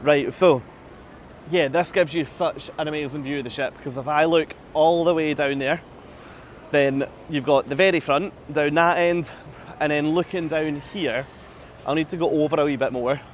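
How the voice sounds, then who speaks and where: A man's voice: fairly high pitch, fairly even intonation, moderate pace, a little hiss or hum. Chatty man vlogging on a ship deck. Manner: chatty, self-deprecating, laughs often, many restarts. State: slightly out of breath. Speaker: cruise vlogger. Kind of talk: live-streamed walking vlog, answering viewer comments. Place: outdoor upper deck of a cruise ship. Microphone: phone camera held at arm's length.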